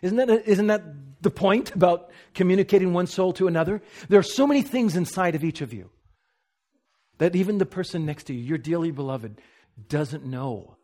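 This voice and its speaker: A man preaching a sermon, earnest, moving between slow, soft emphasis and quick asides. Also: high-pitched.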